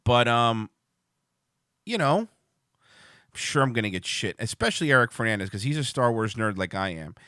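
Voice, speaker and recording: A man with a bright, lively voice that swings up and down a lot, talking to viewers on his livestream. He rambles and swears freely, and he trips over his own restarts. The sound is dry and close. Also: mid-range voice, normal speed, pauses often, smooth, no echo. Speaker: livestream show host. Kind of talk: casual livestream chat.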